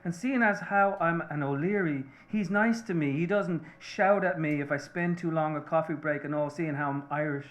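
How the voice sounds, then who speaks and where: A man reading the part of a remorseful Irish-American mother, a seamstress, confessing earnestly and haltingly to her husband. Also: on the high side, lightly acted.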